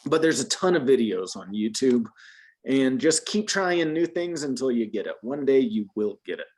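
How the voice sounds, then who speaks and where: A man's voice: mid-range voice, big pitch swings, normal speed, a little mellow. A man from the United States teaching a beginner Spanish lesson, explaining patiently with frequent restarts. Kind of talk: one-on-one language lesson.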